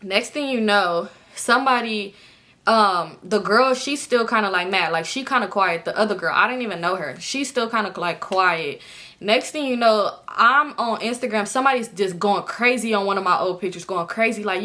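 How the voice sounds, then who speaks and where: Bright-voiced woman telling a storytime. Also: mid-range voice, moderate pace. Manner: slangy and profane, talks straight to the audience. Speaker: storytime vlogger. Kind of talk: casual storytelling to viewers.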